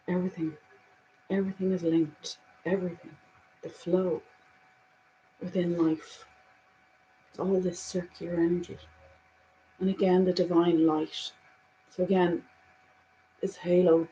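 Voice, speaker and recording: A woman giving a spiritual oracle card reading, earnest, full of "you know" fillers, moving between hushed passages and emphatic ones. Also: lowish voice, a little hiss or hum, poor audio.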